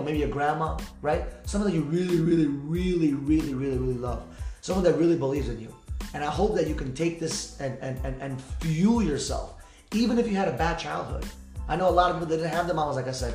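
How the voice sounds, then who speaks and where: A man hosting a podcast, speaking fast and heartfelt in an emotional personal monologue, repeating himself and swearing freely. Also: a little high. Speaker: podcast host. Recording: echoey room with faint music.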